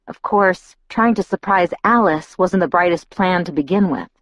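A woman reading a novel aloud in the first person, with a mid-range voice and an even, wry tone. The recording is dry and close. It also sounds a little dull and lo-fi. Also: fairly low pitch, moderate pace, no room sound. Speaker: audiobook narrator. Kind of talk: first-person audiobook narration.

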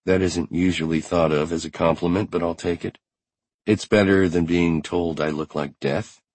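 A man's voice: sits low, fairly even intonation, normal speed, darkish tone, dry recording. A man voicing a grieving widowed woman in an audiobook, tired but strong, speaking bluntly and earnestly. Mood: wistful. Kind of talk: audiobook character reading.

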